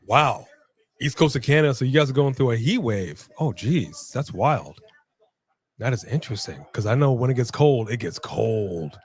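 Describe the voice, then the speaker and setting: A man co-hosting a live wrestling watch-along stream in casual chat, loosely joking and reading out viewer shout-outs. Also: mid-range voice, expressive, moderate pace, slightly rough.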